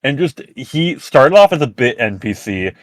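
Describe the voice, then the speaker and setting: A man hosting a casual podcast chat, rambling with halting restarts. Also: mid-range voice, sing-song, no echo. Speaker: podcast host.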